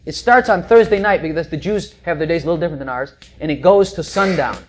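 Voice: mid-range voice, fast talker, a little hiss or hum. Preacher, casual sermon storyteller; jokey, repeats himself, stammers restarts. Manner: folksy, animated storytelling with joking asides; swings between loud bursts and quiet asides. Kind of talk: sermon, Bible teaching.

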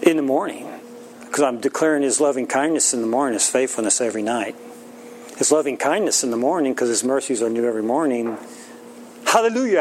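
A man's voice: mid-range voice, darkish tone, slight background noise, low-quality recording. A middle-aged man preaching an informal sermon in a folksy, plain-spoken way, often laughing.

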